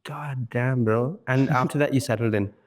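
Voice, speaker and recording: A man's voice: medium pitch, fairly even intonation, normal speed. A man from India, hosting a casual interview and agreeing easily, calling his guest "bro". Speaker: podcast host.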